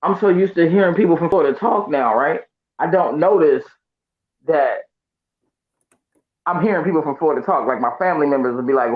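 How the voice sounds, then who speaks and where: A man chatting casually on a live show, lively and mimicking voices as he tells stories. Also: a little high, brisk, pauses often. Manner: animated, mimics voices when quoting people. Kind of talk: casual chat. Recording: muffled lo-fi remote audio.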